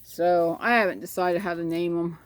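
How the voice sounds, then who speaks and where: Give me a chatty, rambling woman talking outdoors into her phone, a bit low-pitched. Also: fairly even intonation, moderate pace. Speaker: backyard chicken keeper. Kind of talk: casual chat. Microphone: phone camera.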